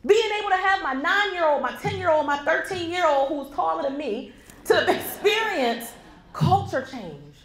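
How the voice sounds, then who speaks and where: A woman's voice: very high voice, moderate pace. A woman in her forties giving a motivational keynote speech, telling a personal story and speaking straight to the audience. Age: 40s. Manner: animated storytelling, addresses the audience directly. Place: conference hall before a live audience. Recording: echoey hall with faint background noise.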